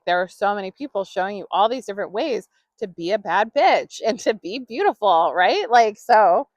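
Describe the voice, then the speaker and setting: A woman's voice: medium pitch, dry recording. A woman hosting her own podcast, talking casually and rambling with lots of fillers. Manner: chatty, rambling, many fillers and laughs. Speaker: podcast host. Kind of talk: casual solo podcast monologue.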